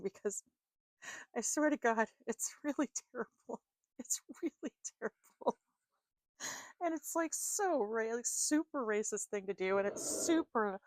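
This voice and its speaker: A woman's voice: a little high, no echo. Chatty self-deprecating woman, dry sound. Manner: chatty, self-deprecating, laughs often, many fillers. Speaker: tarot card reader. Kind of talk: rambling casual monologue.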